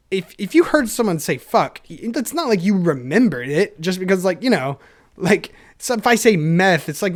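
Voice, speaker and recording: Young male solo podcaster, higher-pitched, jumpy self-deprecating rambler. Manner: energetic, self-deprecating, laughs often. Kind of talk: rambling casual monologue.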